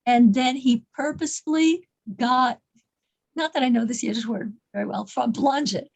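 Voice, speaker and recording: Woman storyteller, high-pitched voice, halting delivery, lots of repeated words, casual small-group class. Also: gravelly, a little mellow, poor audio. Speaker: class leader telling a story.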